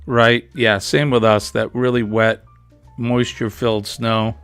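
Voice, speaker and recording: A man with a Boston accent hosting a live stream, chatting casually in a relaxed, drawn-out way. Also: medium pitch, smooth, faint music behind. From New England. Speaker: livestream host. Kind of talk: casual chat.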